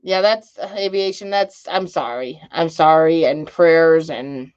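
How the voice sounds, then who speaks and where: A woman's voice: deep voice, unhurried, a little mellow, clear, resonant tone. Woman streamer, casual chat with viewers, rambling and jokey, dull lo-fi sound. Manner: rambling, joking, laughs often. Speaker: live streamer. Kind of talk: casual live-stream chat reading comments.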